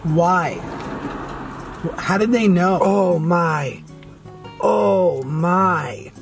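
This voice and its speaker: Guest spot: a man with a high-pitched, playful joking delivery over a clear music bed. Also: very slow. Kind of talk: casual mukbang chat.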